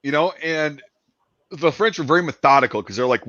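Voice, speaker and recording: A man in casual chat, telling a story with lots of energy and quick asides, acting out the people in it and swearing freely. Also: fairly high pitch, no echo. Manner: excited storyteller, acts out quoted soldiers, swears. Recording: dull lo-fi dry sound.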